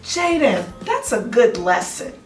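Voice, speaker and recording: High, lively woman in an echoey church room. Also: a little slow. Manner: playful, teasing, animated. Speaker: children's Sabbath school teacher. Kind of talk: casual chat with a child. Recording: echoey room, distant mic, soft music.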